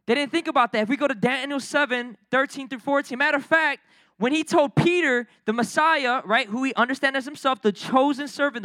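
Young guy pastor preaching, really high bright voice, dry close sound, chatty slangy delivery. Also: no echo. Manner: energetic, conversational preaching with slang and asides. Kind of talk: sermon.

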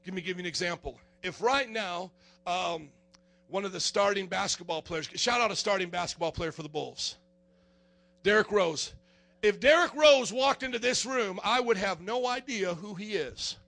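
A man preaching a lively sermon as pastor, acting out scenes with animated voices. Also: vocal fry. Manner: animated preaching, acts out fans in high excited voices.

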